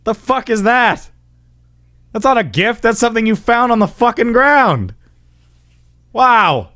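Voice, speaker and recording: A man commentating on a video game live, excitable and quick to yelp and swear in frustration. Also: a little hiss or hum. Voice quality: high-pitched. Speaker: gaming livestreamer.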